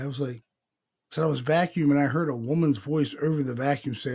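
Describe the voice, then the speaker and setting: A man co-hosting a podcast, telling stories in casual chat, animated, with slang and swearing. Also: medium pitch, fairly quick, vocal fry. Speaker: podcast co-host.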